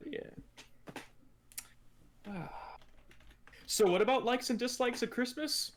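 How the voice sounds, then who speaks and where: A man's voice: very high-pitched, expressive, slow, a little hiss or hum. A man co-hosting a podcast, chatting casually in a rambling way and laughing often. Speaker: podcast co-host. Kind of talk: casual chat.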